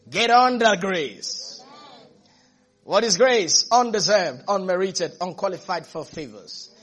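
A man preaching a sermon as pastor, emphatic and repetitive, now and then rising to shouts. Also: sits high.

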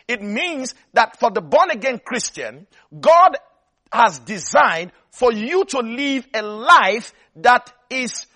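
A man's voice: high voice, fairly bright tone. A man preaching a sermon, repeating phrases for emphasis and often checking that listeners follow.

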